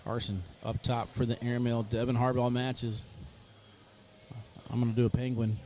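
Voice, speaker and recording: A man's voice: medium pitch, level tone, moderate pace, a little mellow, slight background noise. A man giving live play-by-play commentary on a cornhole match, chatty and joking between plays. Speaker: sports commentator.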